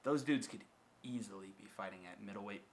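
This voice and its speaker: A man joining a casual podcast chat as a guest, easygoing, chiming in with quick asides. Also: lowish voice. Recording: faint background hiss.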